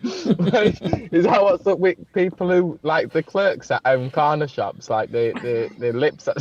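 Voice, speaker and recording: Laughy guy on a video call, a bit high voiced, muffled dry audio. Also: animated, takes it slowly, darkish tone, a little hiss or hum. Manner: laughing, chatty, swearing. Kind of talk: casual drinking banter.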